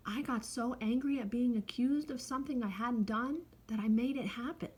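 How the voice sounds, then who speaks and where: A woman doing an earnest little schoolgirl, high-pitched. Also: moderate pace, darkish tone, slightly rough. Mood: insistent.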